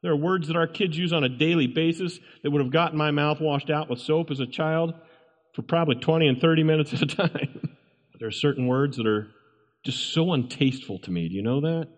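A man's voice: on the high side, fairly quick. A pastor delivering an emphatic sermon, repeating his points and asking the congregation rhetorical questions. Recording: long reverb from a large room.

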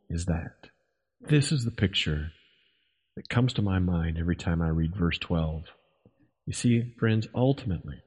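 A male pastor preaching in a church sanctuary, his voice carrying a long hall reverb. He delivers the sermon with dramatic emphasis, leaning hard on rhetorical questions. His pitch sits in an ordinary middle range for a man. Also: darkish tone.

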